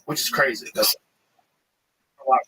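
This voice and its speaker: A man in casual podcast chat, excited and emphatic as he explains, swearing freely. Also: medium pitch, takes it slowly, poor audio.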